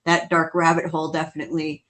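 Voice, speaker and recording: A woman co-hosting a paranormal podcast in loose, casual conversation. She has a slightly low voice, laughs often and drifts into quick asides. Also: flat delivery, fairly bright tone. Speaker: podcast co-host.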